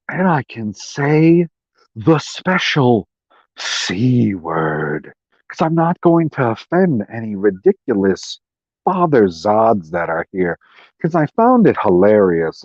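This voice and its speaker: Male streamer, profane sarcastic rant, slow drawl with big pitch swings, muffled dry mic. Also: no echo. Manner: animated, profane, sarcastic mimicry of others. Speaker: live stream host. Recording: dull, dry lo-fi stream audio.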